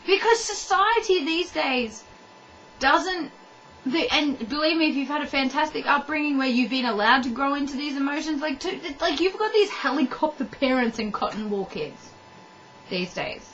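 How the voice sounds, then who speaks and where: A woman's voice: sits high, animated, moderate pace, fairly bright tone, muffled recording, a little hiss or hum. A woman ranting to the camera in a blunt, heated way, swearing and talking straight to the viewer. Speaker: vlogger. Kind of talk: ranting monologue.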